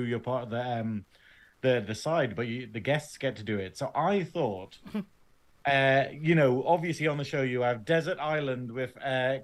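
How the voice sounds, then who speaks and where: A man with a northern English accent, co-hosting a fan podcast, who teases and rambles casually and laughs often. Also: mid-range voice. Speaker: podcast co-host. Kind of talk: casual chat.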